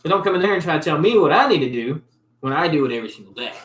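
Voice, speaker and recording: A man speaks in a bright, forceful voice as he vents about a customer, rambling and blunt. His words echo through a roomy space. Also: fairly high pitch, lively intonation, rapid-fire, a little hiss or hum. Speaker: show host, car mechanic. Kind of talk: casual storytelling rant.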